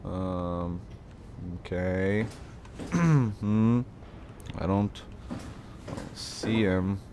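A man's voice: sits low, extremely slow, background noise. A man doing gameplay commentary on a horror game, joking to himself and blurting startled exclamations. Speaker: let's play host. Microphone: desk mic with face cam.

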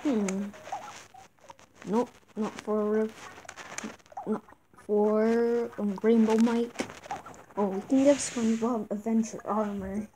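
Slow-talking woman narrating her gameplay. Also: fairly high pitch, noisy background. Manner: reads game text aloud, excited outbursts. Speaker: gameplay video host. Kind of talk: casual let's-play commentary. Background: game music.

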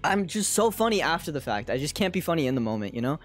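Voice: medium pitch, very animated, quick pace, soft background music. A game streamer giving casual let's-play commentary, giggling often and poking fun at themselves. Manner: giggly, self-deprecating, swearing.

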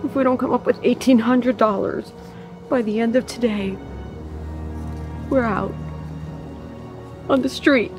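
A woman's voice: fairly high pitch, measured pace, pauses often, over music, close to an everyday voice. An actress playing a worried adult woman who cannot pay the rent, speaking anxiously. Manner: anxious, pleading.

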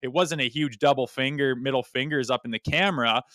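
A man's voice: mid-range voice, brisk, a bit bright, no room sound, clean studio sound. A man co-hosting a casual sports podcast, talking in a blunt, opinionated way and swearing freely. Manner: self-described ornery. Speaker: podcast co-host.

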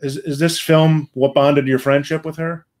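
A man hosting a fan Q&A over a video call, asking brisk, prepared questions with some filler restarts. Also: a little high, level tone, a little mellow. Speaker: interviewer.

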